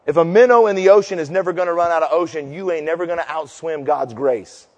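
A man preaching a sermon as pastor, telling stories loudly, shouting punchlines, then dropping low and slow to make his point. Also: in a large hall, muffled recording. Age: 50s.

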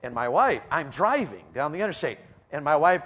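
A man's voice: on the high side, big pitch swings, normal speed, fairly bright tone, in a large hall, some chatter behind. A middle-aged man preaching a sermon in a church auditorium, drawing the congregation in with rhetorical questions and call-and-response.

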